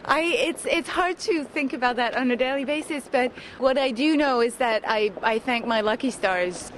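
A woman food writer explaining products during a shop tour in a relaxed, dryly witty way. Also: high-pitched, moderate pace. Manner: relaxed, explanatory, with a dry wit. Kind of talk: guided tour conversation. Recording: noisy on-location recording.

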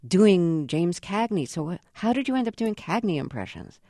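Lively low-voiced woman interviewer. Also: moderate pace, no echo, studio quality. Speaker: radio interviewer. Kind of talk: interview questions.

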